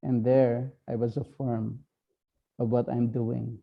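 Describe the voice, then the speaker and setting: A man with a Filipino accent, a priest giving an online talk, speaking slowly and haltingly with many fillers. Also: medium pitch, flat delivery, creaky, narrow, tinny audio. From Philippines. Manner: slow, halting, with frequent fillers.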